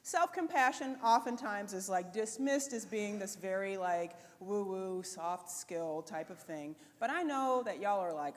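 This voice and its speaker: A woman giving a motivational conference talk, chatty and animated, speaking straight to the audience. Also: medium pitch, unhurried, hardly any pauses. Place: conference stage before an audience. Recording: live talk in a reverberant hall.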